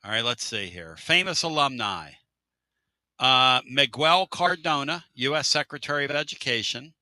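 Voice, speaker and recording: A middle-aged man hosting a casual sports radio show, joking, with loud outbursts and drawn-out catchphrases. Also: mid-range voice, animated, no room sound.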